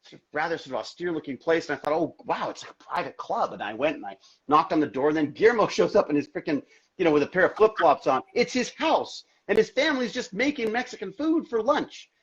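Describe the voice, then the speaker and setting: Excitable man rambling on a muffled call. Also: a little high, quick pace, husky. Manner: excitable, rambling, many restarts. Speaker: actor, interview guest. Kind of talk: casual video-call interview.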